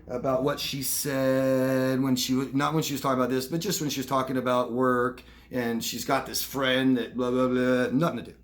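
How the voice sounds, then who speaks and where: Man coaching in a casual, demonstrative way. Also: mid-range voice. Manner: conversational, acts out short demonstrations of lying and truth-telling. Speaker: relationship coach. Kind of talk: instructional talk to camera.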